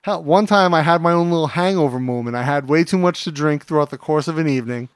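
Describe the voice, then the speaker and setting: A podcast co-host with a slightly high, clear and resonant voice talks fast, chatting casually and telling stories packed with fillers. The recording is dry and studio quality.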